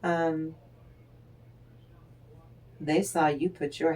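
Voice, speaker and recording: Unhurried and encouraging, a woman reads tarot cards for the viewer, talking to them as though they were right across the table. Her voice is a little low and mellow with fairly even intonation; she lets words linger between phrases and laughs often.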